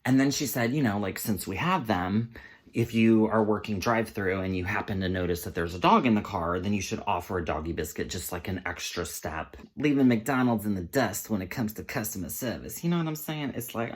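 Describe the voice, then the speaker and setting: A man telling a funny story to camera, sassy and animated, calling listeners honey and girl. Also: lowish voice, moderate pace.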